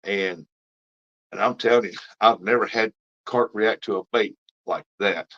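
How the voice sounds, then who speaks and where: A man's voice: on the low side, measured pace, a bit bright. A man hosting a live fishing stream, chatting casually and rambling as he reads out viewer comments. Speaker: fishing livestream host. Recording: dull lo-fi stream audio.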